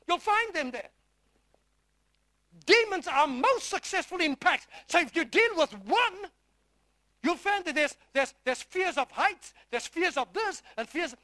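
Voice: very high-pitched, animated, sharp tone. A preacher giving a sermon from the Bible, often repeating phrases and quizzing the listeners with questions. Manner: emphatic, stretching key words slowly.

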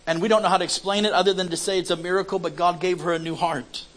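A man telling a lively, comic testimony story in a sermon, acting out the people in it. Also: high voice, fast talker, rough recording. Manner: animated, comic storytelling with acted quotes.

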